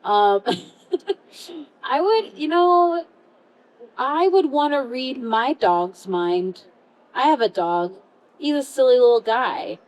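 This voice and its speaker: A woman voice actor chatting on a convention panel, bubbly and quick to laugh. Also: sits high, animated, darkish tone, low-quality recording.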